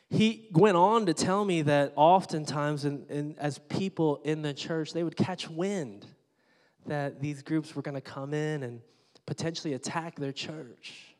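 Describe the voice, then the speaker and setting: A man's voice: fairly high pitch, a little mellow. A man preaching a sermon as a pastor, in a candid, joking, conversational way, in a large church auditorium. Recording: long hall reverb.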